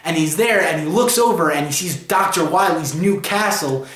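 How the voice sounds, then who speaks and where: A man's voice: fairly high pitch, normal speed, a bit bright, reverberant. A man giving a casual spoken comic book review, rambling through the plot with lots of "you know" and "he's like".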